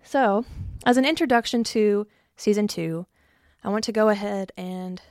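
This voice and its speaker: A young woman talks through a casual solo podcast episode from her basement at normal speed in a medium-pitched voice. She jokes at her own expense, swears without restraint and runs short of breath, and the recording is dry and studio quality.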